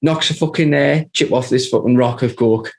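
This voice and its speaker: A man's voice: mid-range voice, normal speed, darkish tone. A man telling a long, rambling story in casual chat, swearing constantly and laughing as he goes. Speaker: podcast guest.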